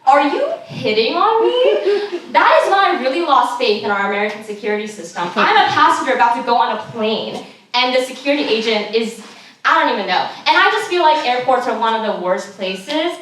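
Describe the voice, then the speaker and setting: A young adult woman from California does a stand-up set on a comedy show stage, her voice on the high side, expressive, a bit bright, and a little fast. She's chatty and self-deprecating, with many ums and giggles. The room is very echoey, she's picked up from a distance, and there's some noise.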